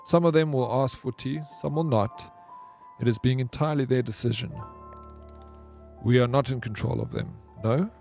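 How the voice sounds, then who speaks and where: A man voicing a polite, gentle tea shop companion who speaks formally with slightly odd phrasing. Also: medium pitch, moderate pace, vocal fry, soft background music, natural voice.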